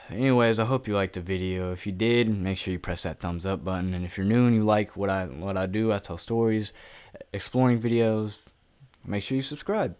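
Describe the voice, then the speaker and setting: A man's voice: lowish voice, moderate pace, a little mellow, clear, resonant tone. A young man telling a story to camera in a casual vlog, blunt and full of swearing. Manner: profane, blunt and offhand. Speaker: YouTuber.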